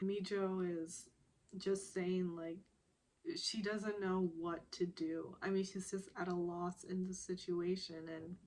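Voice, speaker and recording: A young woman casually recapping a TV episode, soft and hesitant, with fillers and quiet laughs. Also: fairly low pitch. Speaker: recap vlogger.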